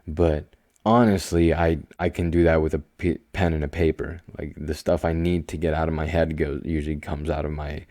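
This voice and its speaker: A young man with a very deep, low voice hosts his own podcast and rambles through it with easy self-assurance. His delivery is slow, calm and soothing, with quiet asides and emphatic bursts. The sound is dry and close, with no room around it. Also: dry recording. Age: young adult. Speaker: podcast host. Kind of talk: casual solo podcast monologue.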